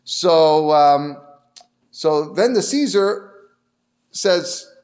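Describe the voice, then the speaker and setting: A man with a notably high voice for a man teaches a Torah lesson as a story. He talks in a lively, informal way, drops Hebrew terms into plain speech and often restarts his phrases. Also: extremely slow, pauses often.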